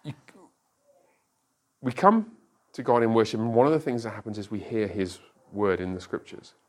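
Man, pastor, middle-aged, lowish voice, chatty church class teacher. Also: expressive, normal speed. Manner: conversational, checks in with listeners often.

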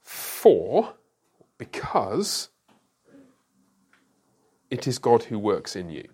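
A male pastor teaching a Bible lesson to a school class, his fairly low voice swinging widely up and down in pitch. He leans hard on key words and keeps checking in with rhetorical questions, in a classroom. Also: drawn-out words, slightly rough. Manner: emphatic, lively, explains with rhetorical questions. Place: classroom with a whiteboard.

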